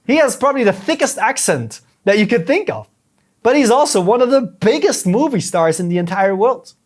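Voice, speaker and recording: A man's voice: sits high, very animated, a little fast. A young man with a non-native English accent, a podcast guest giving casual advice, earnest and explaining step by step with many restarts. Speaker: podcast guest, YouTube strategist.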